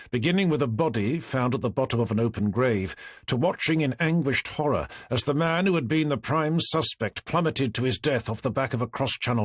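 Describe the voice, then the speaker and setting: A man narrating a crime audiobook in a measured, dramatic storytelling manner. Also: medium pitch, slightly rough, no echo, clean studio sound. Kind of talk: scripted narration.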